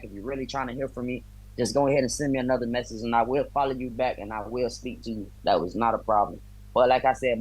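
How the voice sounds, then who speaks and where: Friendly and chatty, a US bare-knuckle fighter talks with loose slang while appearing as a guest in a casual video-call interview. He has a medium-pitched voice, and the recording is rough.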